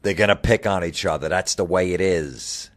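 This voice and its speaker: A man's voice: sits low, moderate pace. A middle-aged man hosting a comedy podcast, ranting bluntly and swearing constantly. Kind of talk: profane comedic rant.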